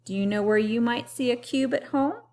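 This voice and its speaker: A woman teacher giving a remote lesson to young children, talking clearly and having them repeat words after her. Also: on the high side, darkish tone. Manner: slow, clearly paced teacher talk with call-and-repeat.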